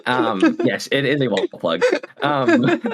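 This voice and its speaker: Low-voiced guy on a podcast, lots of ums, pitch jumps around. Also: lively intonation, fairly bright tone, a little hiss or hum. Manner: halting, filler-heavy. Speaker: podcast co-host. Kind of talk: casual chat.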